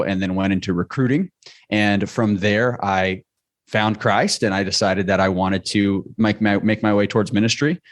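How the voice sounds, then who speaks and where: A man from northern New Mexico, a podcast guest telling his background in a measured, earnest way. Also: fairly low pitch, no room sound, clean studio sound. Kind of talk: interview conversation.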